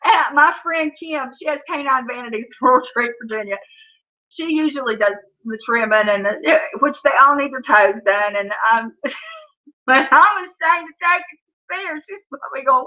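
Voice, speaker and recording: A woman's voice: high-pitched, normal speed, highs cut off. A middle-aged woman, chatting casually and laughing often on a livestream from her home. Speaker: livestream host. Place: at home, indoors.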